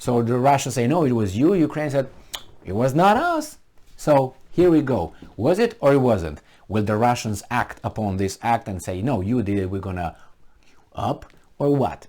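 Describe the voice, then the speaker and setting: Animated sarcastic man commenting on news. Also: fairly low pitch, fast. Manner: animated, sarcastic, jumps into mocking voices. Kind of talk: casual solo commentary reading a news article.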